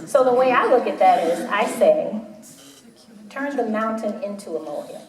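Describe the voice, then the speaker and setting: A woman in her forties giving a motivational talk to a live audience, telling animated stories and acting out the voices in them. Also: mid-range voice, normal speed, a crowd in the background. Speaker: panel speaker. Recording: roomy hall audio from a distant mic.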